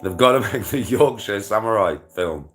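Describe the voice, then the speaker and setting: A man with a lowish voice rambles through casual chat to his viewers, swearing freely and laughing between thoughts. Faint music plays in the background. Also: lively intonation, normal speed, a bit bright. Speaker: livestreamer.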